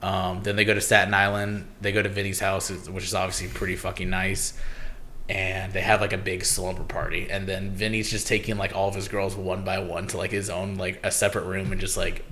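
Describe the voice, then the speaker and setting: A man's voice: deep voice, flat delivery, a little fast, sharp tone, slight background noise. A young man hosting a podcast, chatting loosely and rambling, swearing often. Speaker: podcast host. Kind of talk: casual chat.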